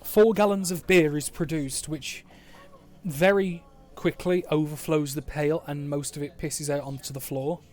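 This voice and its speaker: Swearing laid-back game master, higher voice. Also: male voice, steady tone, a little slow, darkish tone. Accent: English West Midlands. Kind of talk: narrating a tabletop game online. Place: home, online session.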